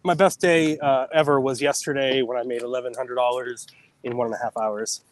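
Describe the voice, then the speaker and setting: A man working as a delivery driver, chatting casually on a livestream in a halting, hesitant way. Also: medium pitch, little pitch movement, slight background noise. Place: out on delivery runs.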